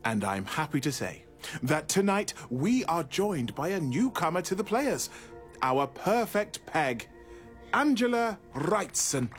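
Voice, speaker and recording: An actor playing a chirpy, jokey amateur theatre director. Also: male voice, a little high, sing-song, a little slow, soft background music. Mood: welcoming. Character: jolly amateur theatre director, man, middle-aged.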